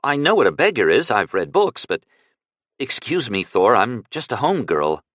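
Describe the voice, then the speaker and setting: A man's voice: mid-range voice, sing-song, moderate pace, no room sound. An audiobook reader voicing a gracious, poised young woman who plays hostess, polite and curious. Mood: polite curiosity. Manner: polite, curious, brightly sociable.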